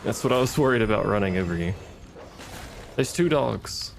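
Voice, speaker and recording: Wry, gravelly gaming streamer man. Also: lowish voice, expressive, moderate pace, a little hiss or hum. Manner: muttering, wry, swears at enemies. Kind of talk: casual gameplay commentary.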